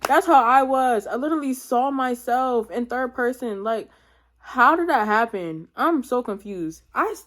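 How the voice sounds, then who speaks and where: A woman's voice: on the high side, animated, a little slow, a bit bright, slight background noise. A young woman in her teens telling a personal storytime testimony in casual slang, rambling with many fillers and talking to her viewers. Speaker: vlogger.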